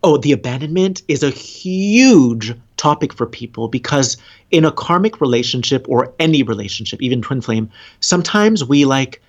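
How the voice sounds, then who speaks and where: A man's voice: mid-range voice, animated, normal speed. A man talking earnestly about relationships and spirituality as a podcast guest, rambling and laughing often. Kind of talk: casual podcast conversation. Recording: dull lo-fi sound.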